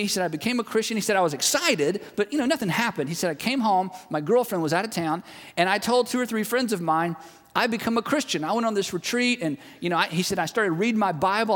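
A man preaching a sermon to a large congregation, telling stories in a relaxed, conversational way and retelling a friend's words. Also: high-pitched. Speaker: pastor. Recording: long reverb of a large hall.

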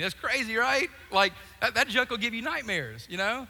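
Male pastor, lively comic storyteller, long hall reverb. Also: sits high, fairly quick, few pauses. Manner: animated storytelling with jokes and acted-out voices. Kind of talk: sermon.

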